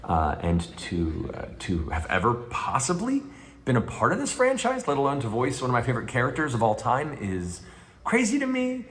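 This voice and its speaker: A male voice actor giving an earnest, heartfelt and somewhat halting answer on a panel. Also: medium pitch, huge pitch swings, fairly bright tone.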